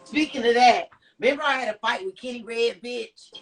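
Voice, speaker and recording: A woman on a podcast, telling stories in a brash, profane, animated way as a guest. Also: on the high side, fast, faint music behind. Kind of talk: casual storytelling chat.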